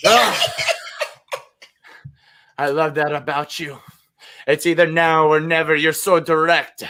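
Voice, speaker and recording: A man's voice: a little high, fairly even intonation, takes it slowly, sharp tone. A man voicing a lovesick would-be European romancer in a put-on vague European accent, delivering a hammy improvised love letter. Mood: swooning. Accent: put-on non-specific European accent. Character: lovesick male European-ish romancer writing a sexy letter.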